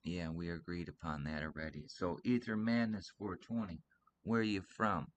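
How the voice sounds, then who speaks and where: A man's voice: deep voice, fairly even intonation, moderate pace, slight background noise. A man from Michigan hosting a casual livestream chat, rambling earnestly and teasing his co-host. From Michigan, USA.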